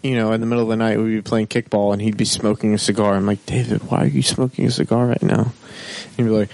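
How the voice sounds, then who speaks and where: A man's voice: lowish voice, level tone, fast talker, vocal fry, a little mellow. A young man co-hosting a podcast, telling stories in a rambling way, full of filler words. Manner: rambling, filler-heavy, lots of "like". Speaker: podcast co-host. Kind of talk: casual chat.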